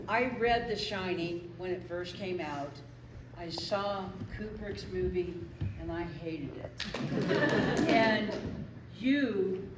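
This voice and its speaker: Slow-spoken older woman in a roomy hall. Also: medium pitch. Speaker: audience member. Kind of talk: public comment at a Q&A. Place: event hall with an audience. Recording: roomy hall from far off, noise.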